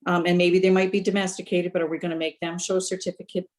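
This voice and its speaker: A woman's voice: fairly low pitch, little pitch movement, quick pace, a little mellow, low-quality recording. A woman town councillor arguing her point firmly in a council meeting over a video call. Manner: firm, argumentative.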